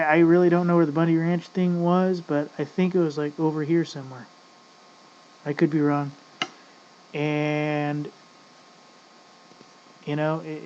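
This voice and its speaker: Here a man with a slightly high, slightly mellow voice gives casual, profane ranting commentary as a vlogger, wandering off topic and often speaking to "folks." Faint noise sits under the dull, lo-fi audio.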